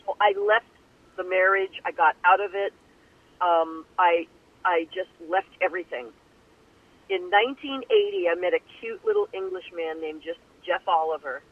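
An older woman telling her life story in an interview, animated and acting out the voices of the people she quotes. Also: on the low side, moderate pace. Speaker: guest singer. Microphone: telephone. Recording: tinny phone line.

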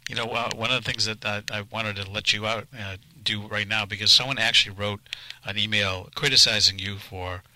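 A man hosting a radio interview, briskly passing along questions from listeners. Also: lowish voice, steady tone, bright, forceful tone, slight background noise, low-quality recording. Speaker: radio host.

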